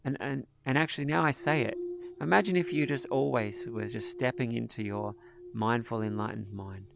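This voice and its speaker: A man leading a live group mindfulness session, coaching participants in a gentle, encouraging way over an online call. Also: mid-range voice, normal speed, vocal fry, music in the background. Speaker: meditation teacher leading a group.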